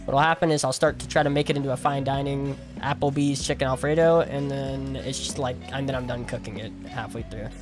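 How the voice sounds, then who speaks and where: A man's voice: medium pitch, steady tone, brisk, few pauses, over music. Tired, rambling young male streamer. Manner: rambling, self-mocking, laughs often. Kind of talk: casual livestream chat while gaming.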